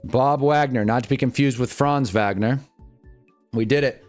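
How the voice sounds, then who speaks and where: A young man live-streaming commentary on a football awards show, swearing and laughing as he swings from loud outbursts to low mumbles. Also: moderate pace, faint music behind. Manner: profane, laughs often.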